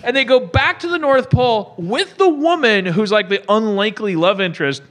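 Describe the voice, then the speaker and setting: A man's voice: high voice, normal speed, fairly bright tone. A middle-aged man ranting comedically about a movie on a podcast, swearing and mimicking characters.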